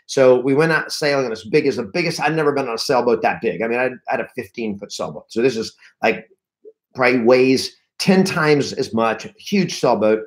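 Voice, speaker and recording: Brief: male real estate trainer, mid-pitch, energetic storyteller, acts out panic, restarts words often. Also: fairly quick. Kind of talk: live-streamed coaching talk.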